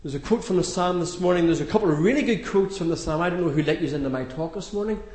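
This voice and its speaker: High-voiced man preaching in echoey room. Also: fast, a little mellow. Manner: conversational, homely storytelling with light humour. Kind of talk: sermon.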